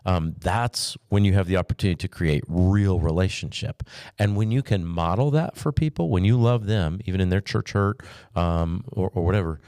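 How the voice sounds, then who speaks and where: A man speaking as a pastor, teaching in a relaxed, chatty way with light humor and scripture quotes. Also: low-pitched, clear, resonant tone, no room sound, studio quality.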